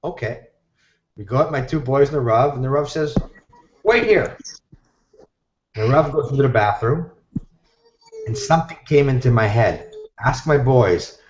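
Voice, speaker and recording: A man telling a story in an animated way and acting out the voices of the people he quotes, heard over a live video call. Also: mid-range voice, normal speed, background noise. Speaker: guest teacher. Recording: echoey, dull video-call audio.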